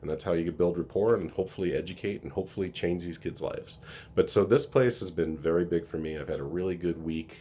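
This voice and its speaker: Very deep-voiced earnest man. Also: fast talker, dark tone, slight background noise. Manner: earnest and emotional, with many restarts. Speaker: school staff member. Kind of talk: casual talking-head vlog.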